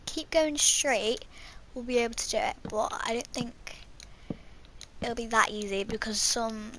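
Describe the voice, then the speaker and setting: A woman's voice: fairly high pitch, fairly bright tone, slight background noise. Playful young woman singing over gameplay. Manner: playful, sings and hums to herself. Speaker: gamer. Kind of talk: casual gameplay commentary.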